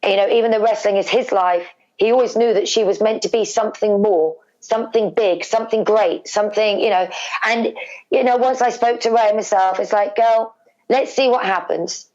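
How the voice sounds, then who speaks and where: A middle-aged woman with a British accent, a guest telling an emotional family story with animated repetition for emphasis. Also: mid-range voice, brisk. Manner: animated, repeats words for emphasis. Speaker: guest, wrestler's mother. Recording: slightly dull lo-fi recording.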